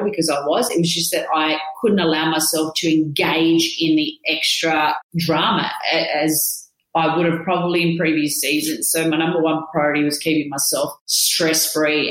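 A woman co-hosting a casual chat, telling stories in an animated way and laughing often. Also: low-pitched. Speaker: podcast co-host. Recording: echoey room.

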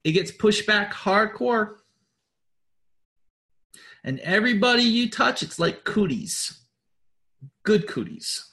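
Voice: medium pitch, expressive, takes it slowly, pauses often, fairly bright tone. A spiritual group leader giving an informal motivational talk, blunt and profane, repeating words, rambling and insistent as they urge listeners on.

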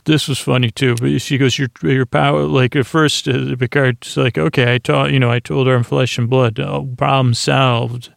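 Flat, gravelly man rambling a recap. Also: medium pitch, no room sound, clean studio sound. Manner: meandering, drowsy, loses the thread, paraphrases dialogue loosely. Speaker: podcast host. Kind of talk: rambling sleep-story recap.

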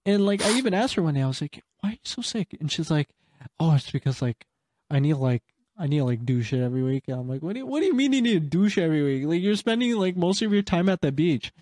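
A man's voice: a little high, animated, fast talker, a little mellow, no room sound. Young man rambling with lots of swearing. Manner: rambling, swears a lot, many fillers. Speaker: podcast co-host telling work stories. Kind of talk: casual chat.

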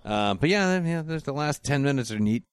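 A man casually chatting about films with a friend, easygoing and quick to agree. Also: mid-range voice, animated, a crowd in the background. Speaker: podcast co-host. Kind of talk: casual movie chat.

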